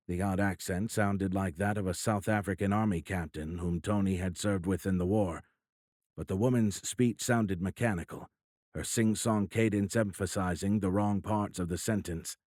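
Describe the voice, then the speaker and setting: A man narrating a sci-fi audiobook in a steady, measured storytelling manner. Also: low voice, no echo, studio quality. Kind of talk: scripted narration.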